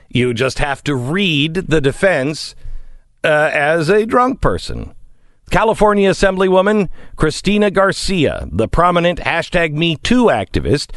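A man's voice: a little high, no echo, studio quality. A man co-hosting a casual comedic news chat, reading out stories and riffing on them. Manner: reads news items, then riffs on them jokingly. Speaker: podcast co-host.

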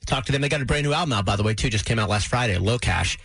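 Husky-voiced man hosting morning radio. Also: mid-range voice, rapid-fire, a bit bright, dry recording. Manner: chatty, laughs easily, many "like" fillers. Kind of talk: casual radio banter. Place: radio studio. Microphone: studio microphone.

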